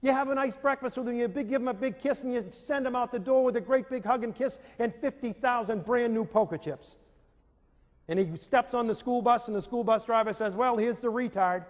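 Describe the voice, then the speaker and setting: In an extremely high-pitched voice and a slightly fast pace, a man addresses parents and teachers about self-esteem, telling lively stories and staging scenes with audience volunteers. The long reverb of a large hall fills the recording.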